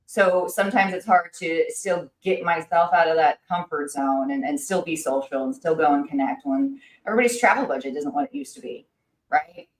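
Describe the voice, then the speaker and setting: A woman hosting a livestream, talking fast and excitedly with lots of fillers and restarts. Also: sits low, echoey room, rough recording. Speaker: livestream host. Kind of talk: casual chat.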